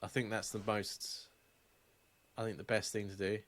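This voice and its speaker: A man's voice: lowish voice, little pitch movement, moderate pace, a bit bright. Sweary man telling stories. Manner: sweary, storytelling, laughs often. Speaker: podcast co-host. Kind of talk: casual chat.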